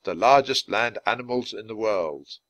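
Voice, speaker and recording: A stern palace guard who announces and explains in a formal way, as a male storybook reader puts him on. His voice stays close to the reader's own, with lively swings in pitch. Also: normal speed. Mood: announcing.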